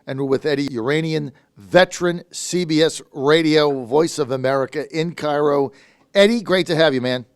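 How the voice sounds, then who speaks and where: A man hosting a news talk radio show, speaking briskly and informally, greeting guests and reading out listener texts. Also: a little high, clean tone, no room sound, studio quality.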